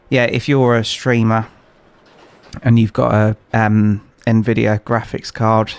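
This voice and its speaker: Gaming live from home, a man with a somewhat low voice chats casually with his viewers over a streaming mic, rambling and hesitating with plenty of filler words.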